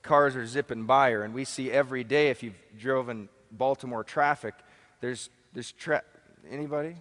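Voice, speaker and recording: A man's voice: mid-range voice, steady tone, normal speed, a bit bright. A man giving a live motivational seminar talk, emphatic, repeating key phrases and putting questions to the audience. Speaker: motivational speaker. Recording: long hall reverb.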